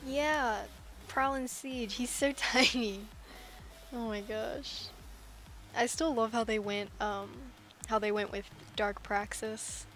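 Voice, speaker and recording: A woman's voice: fairly high pitch, fairly even intonation, takes it slowly, a bit bright, faint music behind. A woman chatting casually while she draws, rambling and giggly with self-deprecating asides. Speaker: artist drawing on stream. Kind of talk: casual chat while drawing.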